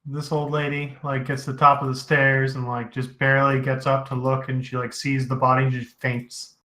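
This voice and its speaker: A man's voice: mid-range voice, moderate pace. Guy dm rambling thru room descriptions, echoey room. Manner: relaxed, rambling with fillers. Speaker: dungeon master. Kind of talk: narrating a tabletop game.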